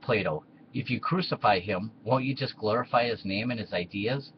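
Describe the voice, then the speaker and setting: Plato, read by a man, earnest and low. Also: moderate pace, dull audio, slight background noise, lightly acted.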